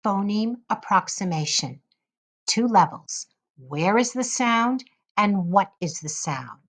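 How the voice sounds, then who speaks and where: A woman giving an instructional lesson, carefully modeling sounds in a slow, deliberate way. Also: medium pitch, expressive. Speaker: teacher educator.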